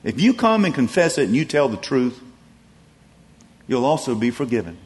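Preacher with a long hall echo. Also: male voice, big pitch swings, moderate pace. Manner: storytelling, rising to emphatic peaks then dropping soft and low. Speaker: pastor. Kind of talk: sermon.

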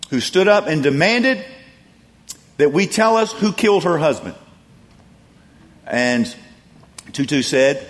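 A man preaching a sermon, telling stories and swinging from emphatic peaks down to soft, low passages. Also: big-room sound. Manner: storytelling, rising to emphatic peaks then dropping soft and low. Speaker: pastor.

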